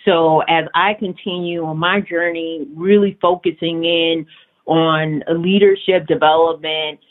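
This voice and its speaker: A woman talking as a guest author in a casual interview, chatty, quick to laugh and full of fillers. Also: low-pitched. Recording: tinny phone-like line.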